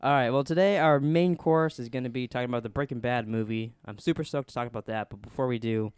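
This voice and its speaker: A young man co-hosting a casual podcast chat, excitable and rambling, laughing often. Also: mid-range voice, quick pace, few pauses, clean tone, no room sound. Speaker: podcast co-host.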